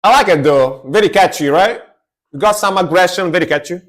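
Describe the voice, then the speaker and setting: A man's voice: sits high, a little fast, fairly bright tone. A man streaming live reactions to metal and rock music, talking casually and enthusiastically, repeating his phrases and swearing now and then.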